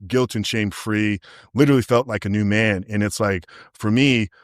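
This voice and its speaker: A man with a low voice tells his story candidly and with feeling, often trailing into fillers. The sound is dry and close. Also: steady tone, dry recording. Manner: candid, emotional, fast storytelling with many fillers. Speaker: podcast guest, coach. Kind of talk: casual interview storytelling.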